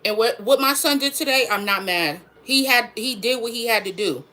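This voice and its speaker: Frustrated woman with a bright voice. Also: a little high, animated, moderate pace. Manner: frustrated, emphatic, repeats herself. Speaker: mother, vlogger. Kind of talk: venting to camera.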